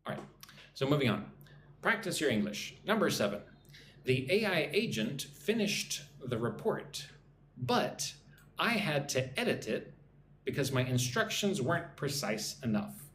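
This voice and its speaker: A man teaching English on a live stream, drilling phrases slowly and greeting viewers from the chat, a little sleepy. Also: fairly high pitch, a bit bright. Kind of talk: live-streamed pronunciation lesson. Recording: echoey room with faint background noise.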